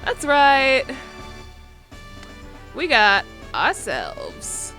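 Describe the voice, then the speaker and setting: A woman's voice: sits high, huge pitch swings, drawn-out words, bright, forceful tone, soft background music. Chatty woman narrating gameplay. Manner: chatty, rambling, lots of fillers. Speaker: video game let's player. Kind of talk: casual gameplay commentary.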